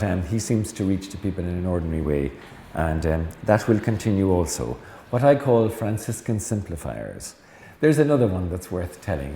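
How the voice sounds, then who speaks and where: A man's voice: low-pitched, warm tone. A middle-aged Irish man, a Jesuit priest, giving a chatty lecture full of anecdotes and teasing asides to the audience. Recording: echoey hall with faint noise.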